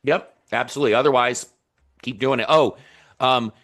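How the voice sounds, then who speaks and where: A man's voice: medium pitch, normal speed. A man coaching sales calls, giving detailed feedback with many restarts and acted-out example lines. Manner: animated, stammering restarts, acts out lines. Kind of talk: coaching feedback on a video call.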